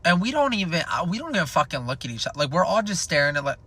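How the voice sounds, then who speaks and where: A man's voice: a little high, racing. A young man telling a comedic storytime in a casual, rambling, profane way, packed with "like". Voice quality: gravelly fry. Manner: rambling, profane, animated, filled with "like".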